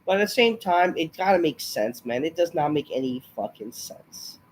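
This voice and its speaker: Fairly high-pitched and animated, this man speaks at a moderate pace over slight hiss or hum. Sick and breathless, he rants about a wrestling show, swearing often, sighing and wandering off track in frustration.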